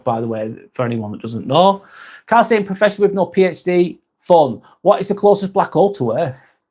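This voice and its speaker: A man's voice: on the high side, darkish tone, slightly rough. A man from northwest England, hosting a live stream in a casual chat style, reading viewer comments aloud and replying in a friendly way.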